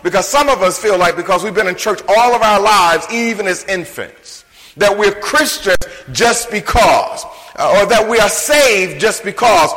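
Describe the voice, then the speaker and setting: Man, sermon, emphatic, bright tense tone, reverberant church. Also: high-pitched. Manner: emphatic, swings from shouted lines to hushed ones. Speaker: preacher. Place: church sanctuary. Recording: long hall reverb.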